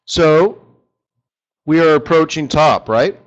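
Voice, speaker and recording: A fairly high-pitched man runs a live currency trading session in a loose, chatty way, cracking jokes and speaking to his viewers as if they were in the room. The audio is muffled and lo-fi, like an older webcast. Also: slow pace. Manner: chatty and joking, talks to viewers by name. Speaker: forex market strategist.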